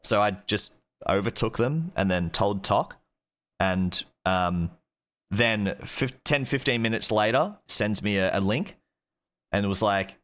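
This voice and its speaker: Young Australian man, streamer, bright crisp tone, rambling anecdote, swears a lot. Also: fairly low pitch, unhurried. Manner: rambling, lots of "like", swears freely. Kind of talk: casual storytelling.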